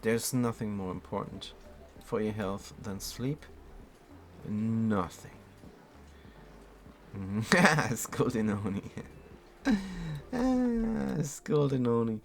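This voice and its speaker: A man's voice: on the low side, animated, drawn-out words, vocal fry, long pauses, a little mellow, a little hiss or hum. A man from Germany casually commenting on his game while answering chat in a laid-back way. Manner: laid-back, reads chat aloud, chuckles often. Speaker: streamer.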